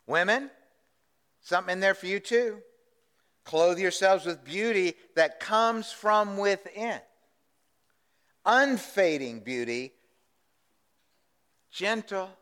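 A man's voice: sits high, pushed and bright, in a large hall. A man preaching a sermon as pastor, talking conversationally and asking the congregation questions.

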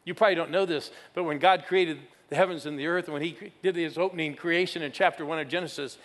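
A man preaching a sermon in a church, energetic and calling on the congregation to answer him. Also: on the high side, fast talker. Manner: energetic, calls for crowd responses. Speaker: guest preacher. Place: church sanctuary. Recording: church hall reverb.

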